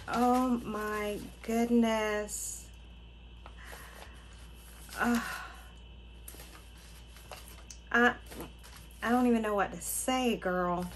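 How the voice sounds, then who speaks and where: A woman's voice: medium pitch, a little hiss or hum, rough recording. A woman gushing through a casual unboxing vlog, gasping and repeating her delight. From Florida, USA. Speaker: craft channel host.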